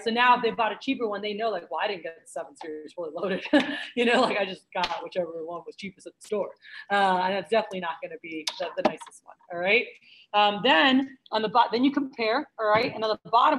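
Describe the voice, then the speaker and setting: A young woman leading a sales training session, talking fast and chatty and acting out customer exchanges for her trainees. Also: medium pitch, background noise. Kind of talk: sales training talk to a group. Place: office room with trainees.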